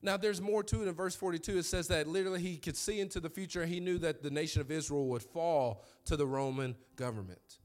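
A man in his thirties preaching a sermon, telling stories with lively quoted voices. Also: fairly high pitch, quick pace, few pauses. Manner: animated storytelling with quoted voices. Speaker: pastor.

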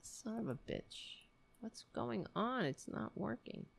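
A woman's voice: on the high side, animated, slow, gravelly. A woman hosting a casual late-night livestream from her computer mic, sarcastic and profane, sounding exhausted. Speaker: livestream show host. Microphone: desk mic at a computer.

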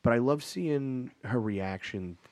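A man hosting a casual chat, an animated storyteller who laughs often. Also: medium pitch, slow pace, no room sound.

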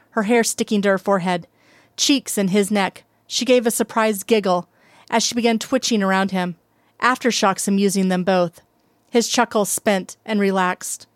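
A woman reading a story aloud as narrator, steady and unhurried. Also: mid-range voice, no echo, clean studio sound. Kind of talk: reading fan fiction aloud.

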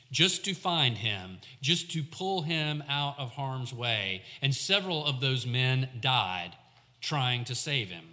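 Guy preaching in church, slow thoughtful delivery, sharp bright tone, long echo. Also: mid-range voice. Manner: measured, reflective, slows for emphasis. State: coughing, clearing throat. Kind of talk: sermon.

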